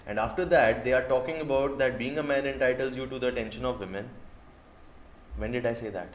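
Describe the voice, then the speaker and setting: A man's voice: mid-range voice, a little fast, echoey room, slight background noise. A man with an Indian English accent, a dating coach ranting in a reaction video, firing off indignant rhetorical questions and swearing.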